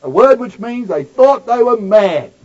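A man preaching a sermon in a high voice, turning suddenly from loud, ringing declamation to hushed, intimate asides. The recording is dull and lo-fi, with the top end muffled. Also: expressive, measured pace.

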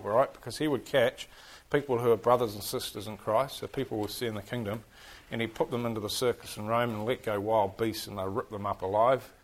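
A man with a New Zealand accent teaching a class, lively and full of questions to his listeners. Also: mid-range voice. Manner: animated, keeps firing questions at the class. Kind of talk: interactive history class on church history.

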